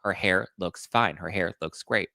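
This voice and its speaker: A man's voice: low voice, measured pace, gravelly, bright, forceful tone, no echo, clean studio sound. A man hosting celebrity gossip commentary, chatting to viewers in a gossipy way while he reacts to photos. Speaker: host.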